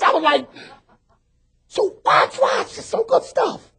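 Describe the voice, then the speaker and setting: A male pastor preaching a sermon, talking animatedly to his congregation and often bursting into shouts. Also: extremely high pitch, big pitch swings, measured pace, vocal fry, long pauses.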